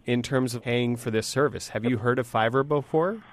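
A man's voice: medium pitch, a little fast, dry recording. Chatty male radio tech host. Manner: cheerful, explanatory and chatty. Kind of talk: casual radio chat.

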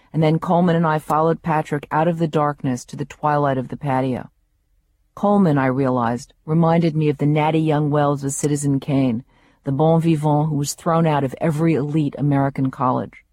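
A woman reads her own memoir aloud, telling it with wry, vivid flair. Her low voice is warm and mellow, captured up close in a dry recording with no room sound.

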